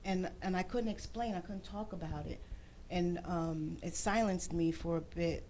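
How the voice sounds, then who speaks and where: Animated woman telling a personal story. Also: lowish voice, moderate pace, slight background noise. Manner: animated storyteller, acts out quoted voices; churchy phrasing. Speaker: talk show guest. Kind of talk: personal testimony.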